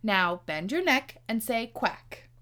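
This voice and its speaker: A woman voicing a fussy, proud mother duck in a storybook reading, with slow, exaggerated delivery. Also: on the high side, sing-song, pushed and bright, full character voice. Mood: instructive.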